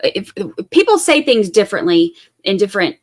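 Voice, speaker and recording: A woman's voice: medium pitch, very animated, normal speed. A woman from Georgia, hosting a true crime live stream and chatting casually with viewers in a rambling way. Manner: chatty and rambling, full of fillers and asides.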